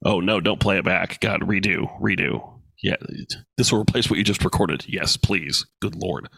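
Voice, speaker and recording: A man's voice: low-pitched, moderate pace, creaky, a bit bright, husky, dry recording. A man hosting his own podcast in a casual solo talk, blunt, profane and joking. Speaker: podcast host. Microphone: studio microphone with headphones.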